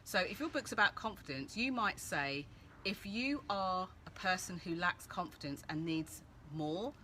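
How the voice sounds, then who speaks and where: A woman hosting a casual live-stream Q&A, chatty and animated, greeting viewers by name as she gives coaching tips. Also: on the low side, a little slow. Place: outdoors-adjacent room with street noise. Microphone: phone or laptop live stream. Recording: faint background street noise.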